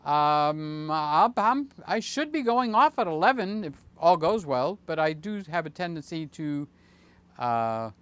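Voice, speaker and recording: A man in his late sixties hosting a casual livestream, chatting in a rambling, jokey way with many fillers and sudden excited jumps. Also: on the high side, unhurried, clean tone. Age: 60s. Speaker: channel host.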